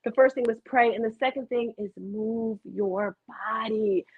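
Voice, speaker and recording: Brief: middle-aged woman, motivational host, husky, fairly high voice, rambling and animated, tinny dry webcam audio. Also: measured pace, no echo. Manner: chatty, goes off on tangents, animated storytelling. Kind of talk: rambling live motivational talk. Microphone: computer webcam.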